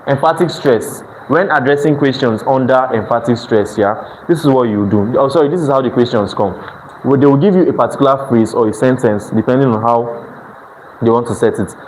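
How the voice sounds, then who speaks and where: A man's voice: medium pitch, brisk, darkish tone, poor audio. Nigerian man tutoring a class. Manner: checks in often with students, restarts phrases. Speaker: exam prep tutor. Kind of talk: classroom lecture. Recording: faint background noise.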